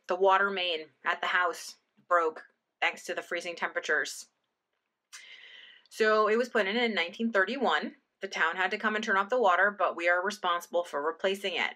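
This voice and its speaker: A woman's voice: mid-range voice, moderate pace, pushed and bright. A woman talking casually to her camera in a vlog, chatty and upbeat, often laughing. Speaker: vlogger. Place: home and house under renovation.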